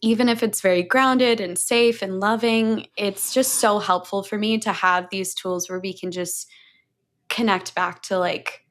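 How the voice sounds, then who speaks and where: A woman's voice: medium pitch, measured pace. Candid, laughing woman podcast guest. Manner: candid, animated storytelling with frequent swearing and laughter. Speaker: podcast guest, breathwork mentor. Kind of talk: casual podcast conversation.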